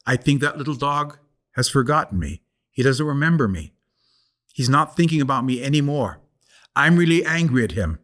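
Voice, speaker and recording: A cold, hungry male wolf who grumbles and is quick to anger, voiced by a man telling a story aloud. He sounds plain and earthy, in a mid-range voice. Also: medium pitch, animated, a bit bright, close to an everyday voice. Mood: resentful.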